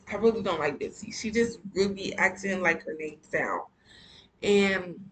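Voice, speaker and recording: A book reader reading a novel aloud and breaking off for animated, casual commentary to listeners. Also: medium pitch, a little hiss or hum, low-quality recording. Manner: animated, heated asides to listeners. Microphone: earphone mic.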